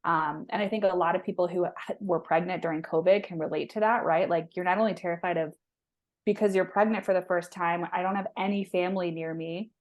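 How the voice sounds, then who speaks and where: A woman in her thirties, a holistic health practitioner appearing as a guest on an interview show, shares a personal story in a chatty, emotional manner with many restarts. Her lowish voice stays steady and brisk.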